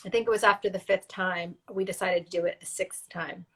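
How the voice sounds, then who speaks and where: A woman guest, tearful and earnest, telling her story in halting, faith-driven speech. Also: on the low side, fairly even intonation, husky, rough recording. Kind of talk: emotional personal interview.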